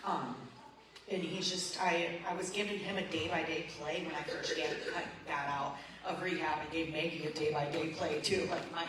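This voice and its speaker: A woman's voice: low-pitched, steady tone, normal speed. Woman talking at a recovery meeting, rambly and emotional, super echoey room, sounds far from the mic, noisy. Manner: emotional, rambling, lots of "like" and "man". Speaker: recovery group member. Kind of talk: personal sharing at a recovery meeting.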